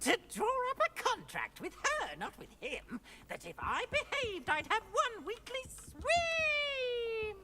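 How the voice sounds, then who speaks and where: A shrill, rhyming poltergeist prankster. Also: female voice, wildly swooping pitch, slow pace, noisy background, exaggerated voice. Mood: gleeful mischief. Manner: sing-song rhyming verse. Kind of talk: video game voice acting.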